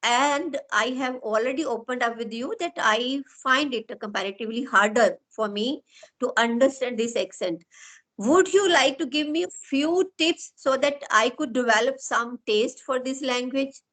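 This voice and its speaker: A woman's voice: fairly high pitch, moderate pace, fairly bright tone, rough recording. A woman with an Indian English accent, hosting an online interview and asking long, winding, earnest questions. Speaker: interviewer and host.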